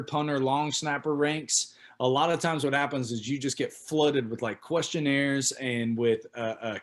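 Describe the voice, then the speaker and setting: A man from Oklahoma, a pro football punter, telling a lively story as a podcast guest and acting out the voices of people he quotes. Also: fairly high pitch. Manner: animated, acts out quotes of others. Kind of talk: casual storytelling interview.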